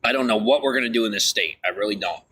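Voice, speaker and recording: A man rambling on a live stream, excitable, swinging from shouting to low grumbling. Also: fast. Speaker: livestreamer.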